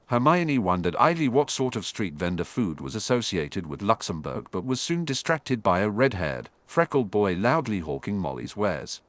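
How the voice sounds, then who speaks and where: Low-voiced man narrating a story. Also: moderate pace, hardly any pauses, dry recording. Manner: steady storytelling. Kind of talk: audiobook narration of fan fiction.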